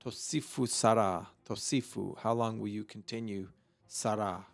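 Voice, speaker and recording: A man giving an unscripted vocabulary lesson, slow and halting, thinking aloud with many fillers. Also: fairly low pitch, steady tone, vocal fry. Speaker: Hebrew vocabulary teacher.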